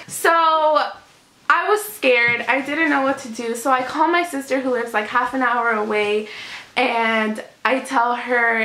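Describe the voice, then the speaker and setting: A woman's voice: fairly high pitch, measured pace, pushed and bright. A teenage girl telling a personal story on her vlog, chatty, with many "like"s. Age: teens. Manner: chatty, lots of "like", emotional retelling. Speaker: vlogger. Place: home room in natural evening light. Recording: echoey room.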